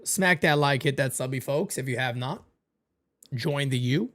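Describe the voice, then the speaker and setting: A woman hosting a live baseball watch-party stream, chatting casually and profanely, dropping into low mutters between bursts of energy. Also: normal speed.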